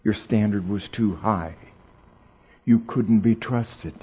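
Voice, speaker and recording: Adam as a hushed, guilty man who talks low and soft, shifting the blame in a pleading murmur, as a preacher acts him out in a sermon. He has a calm, unhurried way of speaking. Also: husky, dull audio, exaggerated voice. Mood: blaming. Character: Adam, a guilty man blaming his maker.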